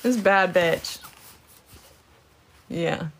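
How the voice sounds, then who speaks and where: A woman's voice: fairly low pitch, very slow. A woman chats loosely on a live stream as she shows her coloring pages. She greets viewers by name, swears casually, and giggles now and then. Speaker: livestreamer. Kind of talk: casual livestream chat.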